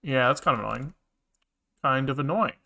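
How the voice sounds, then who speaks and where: A man's voice: medium pitch, expressive, normal speed, vocal fry, sharp tone. A man live-streaming his programming, thinking aloud and muttering to himself with casual swearing, keyboard clicks behind him. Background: keyboard typing and clicking.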